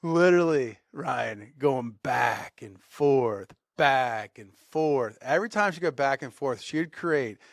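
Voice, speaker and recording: A man co-hosting a podcast, telling a workplace story in a lively way and acting out the shouting. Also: medium pitch, takes it slowly, gravelly, hardly any pauses, no room sound, clean studio sound. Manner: animated storyteller, acts out shouted quotes. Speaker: podcast co-host. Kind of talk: casual storytelling.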